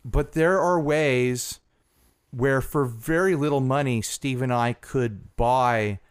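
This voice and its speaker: A man's voice: mid-range voice, takes it slowly, clean tone, no echo, studio quality. A man co-hosting a podcast in casual chat, talking earnestly and rambling with restarts. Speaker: podcast co-host.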